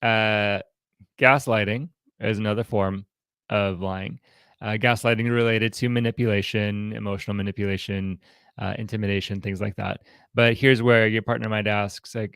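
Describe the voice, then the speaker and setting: A man counseling a group in an informal teaching talk, halting and often restarting his sentences. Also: on the low side, fairly even intonation, fairly bright tone, clear, resonant tone, dry recording, studio quality. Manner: halting, with frequent restarts and repeated words. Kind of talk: informal teaching talk with role-played examples.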